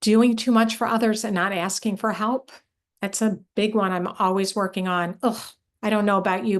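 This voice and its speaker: A middle-aged woman leading a workshop for moms, speaking in an earnest, encouraging way and putting questions straight to her listeners. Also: mid-range voice. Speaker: workshop leader and coach for moms. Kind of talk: live online workshop talk.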